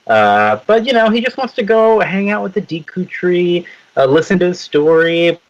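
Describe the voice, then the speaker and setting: Lively man with a dull lo-fi sound. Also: sits high, moderate pace. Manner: joking, lively summarizer. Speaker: podcast co-host. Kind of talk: casual chat, summarizing a comic.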